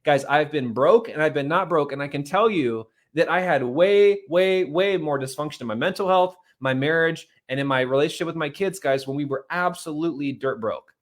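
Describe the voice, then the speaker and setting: A man in his thirties giving a fast, repetitive motivational talk on money and marriage, often calling his listeners "guys.". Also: fairly high pitch. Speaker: host.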